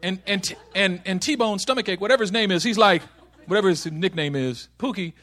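A man preaching a sermon, telling a story and acting out the voices in it, dropping to a hush and then rising to shouts. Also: high-pitched, a little fast. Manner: storytelling with acted voices, swings from hushed to shouting.

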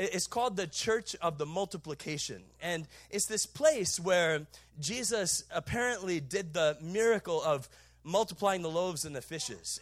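High-voiced pastor telling a lively story. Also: male voice, dry recording. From Southern California. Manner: animated storytelling with bursts of shouting and laughter. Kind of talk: sermon. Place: large church auditorium.

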